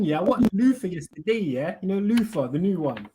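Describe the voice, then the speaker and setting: Young bloke hosting a loose chat, high-ish voice that bounces around, playful. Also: male voice, brisk, slightly rough. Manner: animated, slangy, laughing, mock-posh jokes. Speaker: host. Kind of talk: casual chat.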